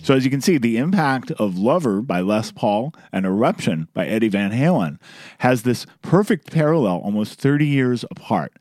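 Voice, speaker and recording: A man's voice: medium pitch, very animated, normal speed, darkish tone. A man hosting a podcast, narrating from a script with wry, conversational asides. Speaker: podcast host.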